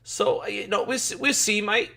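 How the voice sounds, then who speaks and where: A man putting on a loud British boxing pundit with a forced accent, pitched high and sounding bright and forceful. He gets excitable and leans on "mate" with every point, playing the pub expert on a live stream. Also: unhurried, gravelly, full character voice. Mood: mock-serious. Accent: put-on British. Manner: excitable, peppers lines with "mate" and "fam".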